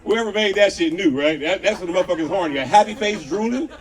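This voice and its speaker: A man's voice: sits high, animated, fast talker, far from the mic. A man doing a crude stand-up comedy set at an outdoor show, telling stories with voiced quotes and talking to the crowd. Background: crowd laughing.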